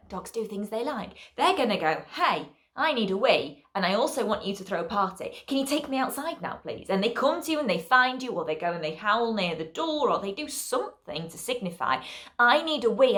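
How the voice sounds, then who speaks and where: A woman's voice: medium pitch, a bit bright. A woman dog trainer teaching an online puppy class, chatty and explaining with frequent check-ins.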